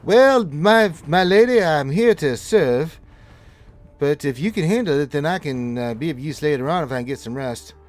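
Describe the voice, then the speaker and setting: A man playing a worn-out male servant of a goddess, loud, higher than his usual voice, rambling, tabletop game. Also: expressive, normal speed, close to an everyday voice. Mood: deferential. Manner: rambling, repeats words, loud.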